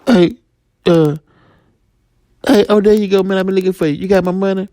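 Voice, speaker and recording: A man's voice: high voice, fairly even intonation, a little fast, dark tone, dry recording, studio quality, voice pushed up, close to an everyday voice. A man doing a pushy drug dealer. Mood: demanding. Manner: demanding, pushy, repetitive. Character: angry male drug dealer chasing his money.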